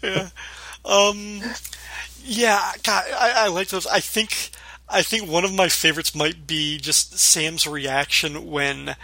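Bright, gravelly man in casual chat. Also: high voice, fairly even intonation, slow, no echo. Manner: chatty, quotes lines with light laughter. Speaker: podcast co-host. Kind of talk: casual chat reviewing a sitcom episode.

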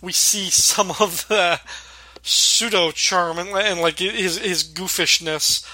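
A man's voice: high voice, fairly even intonation, slow, sharp tone, no echo, poor audio. A man who is a podcast guest, chatting casually and retelling sitcom scenes with enthusiasm. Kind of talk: casual chat about a sitcom episode.

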